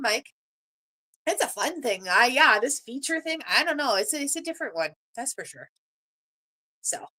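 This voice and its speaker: A woman's voice: sits high, sharp tone. A middle-aged woman, a grandmother from Canada, chatting casually with viewers on her live stream, rambling and gushing with many fillers. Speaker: livestream host.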